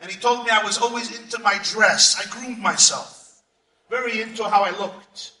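A man preaching as a rabbi, telling stories with sudden shouts and hushed asides. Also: high voice, normal speed. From United States. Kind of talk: sermon. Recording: echoey room, far from mic.

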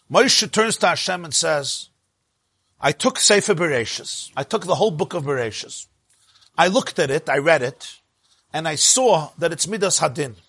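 A man's voice: high voice, sharp tone, husky, no echo. A man with teaching a Torah lesson, rising and dropping sharply for emphasis. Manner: emphatic, rises and drops sharply for stress.

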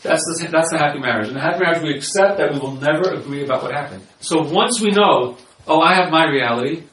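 A man's voice: fairly high pitch, quick pace, a bit bright. A man who works as a marriage counselor gives an informal lecture with slides and repeats his key points. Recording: echoey room, voice from far off.

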